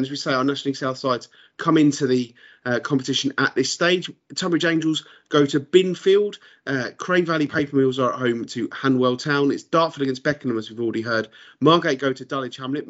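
Hesitant podcast co-host, muffled audio. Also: male voice, medium pitch, fairly bright tone. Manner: hesitant, repeats words, dry humour. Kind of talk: casual sports chat.

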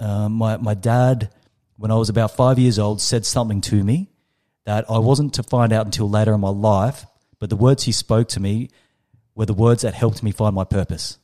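Australian man in his 30s, guest storyteller; low, mellow voice, emphatic delivery. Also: normal speed. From Western Australia. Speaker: guest, startup coach. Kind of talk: storytelling in a podcast interview.

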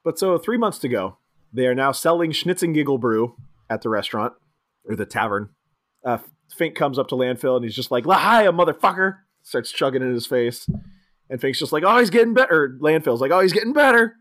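A man co-hosting a casual movie chat, retelling scenes and jumping into squeaky impressions of the characters, often laughing. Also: brisk. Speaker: podcast co-host.

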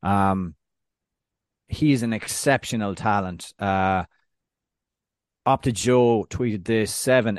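A man's voice: lowish voice, a little mellow, no echo, clean studio sound. A man from Ireland co-hosting a football podcast in casual, enthusiastic, joking chat. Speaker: podcast co-host.

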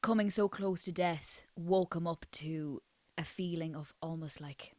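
A woman's voice: lowish voice, a little slow, a little mellow, dry recording. A woman co-hosting a podcast, playful and rambling in casual chat. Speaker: podcast co-host.

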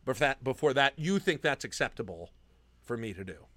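A man's voice: medium pitch, very animated, brisk, fairly bright tone, dry recording. A man co-hosting a casual sports podcast, teasing his partner and making his case like a mock-preacher. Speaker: podcast co-host.

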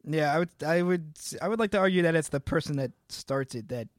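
A man's voice: on the high side, brisk, no room sound, studio quality. A young man co-hosting a casual podcast, easygoing and rambling, full of "you know". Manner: easygoing, rambling, lots of fillers. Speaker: band member and podcast co-host.

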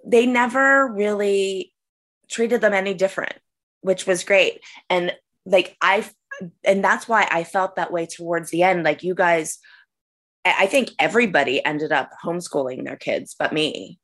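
A middle-aged woman with a low speaking voice chats casually as a podcast co-host. She talks frankly, full of fillers and restarts. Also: measured pace, a bit bright. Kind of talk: casual chat.

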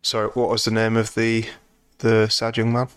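A man's voice: fairly low pitch, completely flat delivery, normal speed, clean tone, dry recording. A man co-hosting a film podcast in casual chat, meandering and restarting sentences with dry humor. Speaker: podcast co-host.

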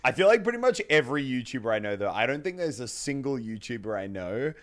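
Male co-host, mid pitch; loose, joking, quick bursts. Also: sing-song. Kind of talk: casual interview chat.

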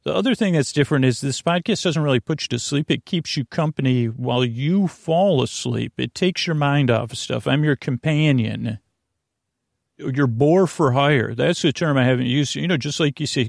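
A man hosting a sleep podcast, talking in a slow, meandering bedtime monologue that keeps drifting off topic and interrupting itself. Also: medium pitch, vocal fry, dry recording, studio quality. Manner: meandering, self-interrupting, soft-spoken.

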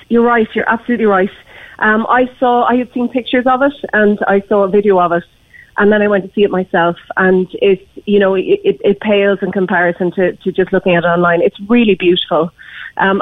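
Fast eager woman on the phone, dry tinny line, keeps restarting her sentences. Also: medium pitch, dry recording. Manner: many fillers and restarts, eager. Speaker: festival director, phone guest. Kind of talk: casual phone interview.

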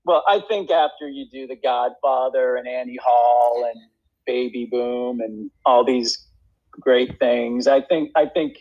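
A man's voice: mid-range voice, unhurried, highs cut off. A man, an actor and acting teacher, telling a story in a casual interview, with many restarts and frequent laughs.

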